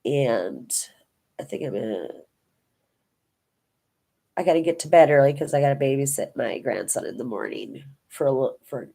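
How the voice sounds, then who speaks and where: A woman's voice: very deep voice, lively intonation, moderate pace, gravelly, long pauses, warm tone, breathy edge. An older woman from Minnesota chatting casually to viewers about her craft hobby and telling homey, rambling family stories. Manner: rambling, homey storytelling with many restarts. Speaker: diamond painting vlogger.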